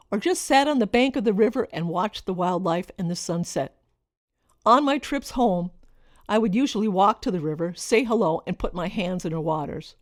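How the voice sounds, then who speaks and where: A woman's voice: lowish voice, dry recording, studio quality. Reflective woman narrating her memoir. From Minnesota. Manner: reflective, expressive, lingering over list words. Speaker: author narrating her own story. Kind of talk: personal storytelling narration.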